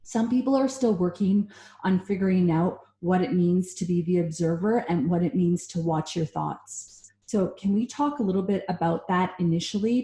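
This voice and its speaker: Low, mellow woman host in an echoey room. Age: 30s. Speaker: podcast host. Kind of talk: casual interview chat.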